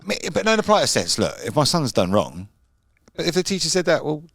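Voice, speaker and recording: A man's voice: a little high, very animated, quick pace, fairly bright tone, no room sound, studio quality. A man in casual podcast chat, blunt and streetwise, swearing freely.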